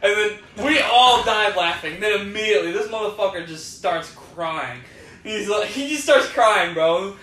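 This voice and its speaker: A young man telling stories in a casual podcast chat, profane and animated. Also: sits high, measured pace, distant mic. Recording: echoey room, voice a bit off-mic, faint noise.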